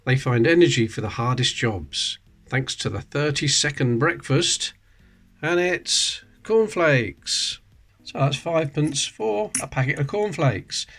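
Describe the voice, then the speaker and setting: A man's voice: on the high side, lively intonation, unhurried, fairly bright tone, soft background music. A man hosting his hobby channel, leafing through an old magazine in casual commentary with chatty, wry asides. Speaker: coin-collecting channel host. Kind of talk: casual show-and-tell commentary.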